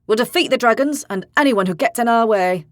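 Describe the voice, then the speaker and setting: A woman's voice: a little high, lively intonation, fairly quick, no room sound, studio quality, voice pushed up, natural voice. A woman narrator voicing a loyal, earnest young man in an audiobook, speaking with heartfelt sincerity. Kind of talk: audiobook character voice.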